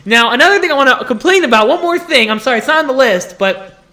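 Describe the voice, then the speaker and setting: Young male student vlogger, bright and high, animated comic ranter who acts out his stories. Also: fast talker. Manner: animated complaining, acts out dialogue. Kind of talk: comedic rant to camera.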